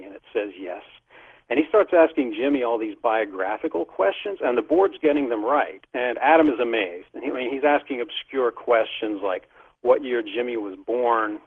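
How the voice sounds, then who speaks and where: A middle-aged man animatedly telling a story, often laughing as he talks, as an interview guest. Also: medium pitch. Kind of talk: casual storytelling. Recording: tinny phone line.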